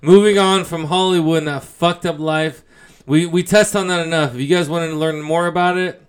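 A man hosting a casual podcast, excitable and swearing when he is surprised. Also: a little high, moderate pace, clean tone. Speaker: podcast host.

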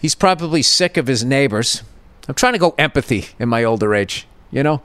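A man's voice: mid-range voice, lively intonation, brisk, a bit bright, clean tone, no room sound. A man in his fifties hosting a podcast, telling a rambling, profane comedic story with lots of restarts. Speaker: podcast host.

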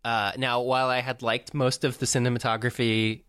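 A man's voice: medium pitch, level tone, brisk, a bit bright, smooth, no room sound. A man co-hosting a casual movie-review chat, hesitant with many fillers and dry asides. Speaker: podcast co-host.

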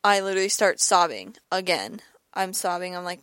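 A woman's voice: fairly low pitch, sing-song, moderate pace, a bit bright, no room sound. A young woman hosting her own podcast, telling a personal story in a rambling, casual way with lots of repeated words and "like," while ill with an ear and throat infection. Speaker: podcast host.

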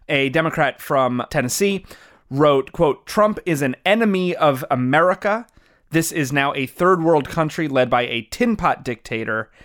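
A man's voice: mid-range voice, a bit bright. A man co-hosting a political podcast, talking in a wry, sarcastic way and laughing often. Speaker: podcast co-host. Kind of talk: political commentary chat.

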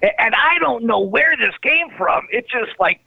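A man's voice: extremely high pitch, moderate pace, vocal fry, no echo. Man telling stories over a tinny phone line. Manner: animated storyteller, acts out quoted dialogue. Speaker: guest, former tour manager. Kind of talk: storytelling interview.

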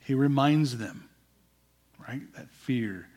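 A man preaching a sermon, asking his listeners questions and often adding "right?", sometimes dropping to a quiet voice for emphasis. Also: measured pace. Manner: asks the congregation questions, frequent "right?" and repeated words; drops to a quiet, low voice for emphasis.

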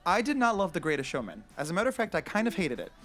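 A man's voice: sits high, soft background music. A man who sings for a living, giving opinionated commentary in casual chat. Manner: animated, opinionated, fast-talking. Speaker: professional singer.

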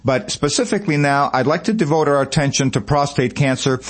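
A man's voice: on the high side, animated, fairly quick. Man, radio show host, promotional talk, casual storytelling, lots of ums and uhs, studio mic. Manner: conversational storytelling with many fillers.

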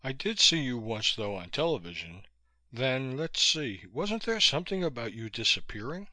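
A man reading the lines of a polite, cautious scientist in a measured tone. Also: medium pitch, big pitch swings, bright, forceful tone, no room sound.

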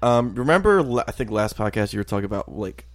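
Man, young adult, casual podcast chat, lively swearing storyteller, low pitch. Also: fast. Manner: animated storyteller, loud impressions, swears often. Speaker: podcast co-host.

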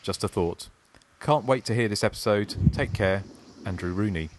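A man's voice: lowish voice, moderate pace, slight background noise. A man hosting a podcast, chatting casually and reading listener emails aloud. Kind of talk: casual chat.

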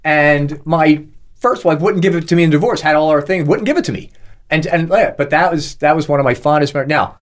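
A man's voice: a little high, brisk. A middle-aged man co-hosting a podcast, chatting casually and acting out the people in his stories. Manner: storytelling, acts out quoted voices. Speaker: podcast co-host. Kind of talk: casual chat.

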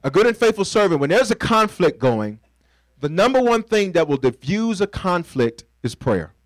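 A man's voice: high voice, big pitch swings, moderate pace, dry recording, poor audio. A pastor preaching a sermon in a conversational, playful way, calling on the congregation to finish his lines and acting out little scenes. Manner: call-and-response preaching, asks the congregation to fill in words.

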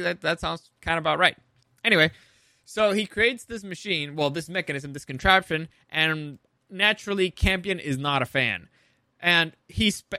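A man's voice: sits high, sharp tone, no room sound, studio quality. A young man casually recapping a show episode, rambling and swearing, often laughing at his own jokes.

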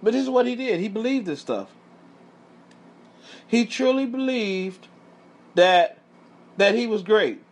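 A man preaching a sermon, emphatic and repetitive, often pausing to tell his listeners to watch closely. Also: high-pitched, lively intonation.

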